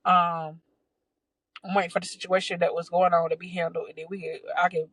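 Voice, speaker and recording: A young adult woman hosting a podcast, telling a story in a casual, animated, profane way, with many restarts and exasperated asides. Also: lowish voice, fairly quick, husky, dry recording, low-quality recording. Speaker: podcast host.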